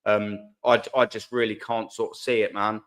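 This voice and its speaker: A man's voice: lowish voice, little pitch movement, normal speed, a bit bright. A young man hosting a live fan stream, chatting casually in slang and reading viewer comments aloud. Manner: laid-back, slangy, reads chat aloud.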